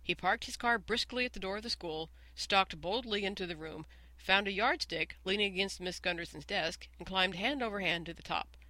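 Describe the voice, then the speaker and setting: An audiobook narrator reading a children's story in an even, measured way. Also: mid-range voice, no room sound, rough recording. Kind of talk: scripted narration.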